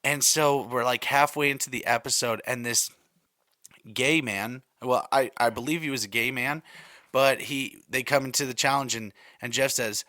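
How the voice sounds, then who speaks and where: A man's voice: medium pitch, unhurried, sharp tone, no room sound, clean studio sound. A young man hosting a solo podcast, rambling and exasperated as he rants. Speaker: podcast host.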